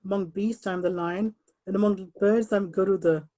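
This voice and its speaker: A woman reading an English translation of scripture in a group session, slow and careful, sometimes stumbling over names. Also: medium pitch, fairly even intonation, mellow, low-quality recording. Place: someone else's home, on an unfamiliar computer.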